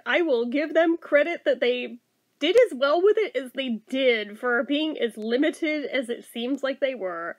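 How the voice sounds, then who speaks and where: A woman with a notably high voice talks through a movie review off the cuff. She is blunt and excitable, swears freely, laughs easily and rambles through her thoughts with lots of fillers. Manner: excitable and animated, quick to laugh. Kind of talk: casual spoken review.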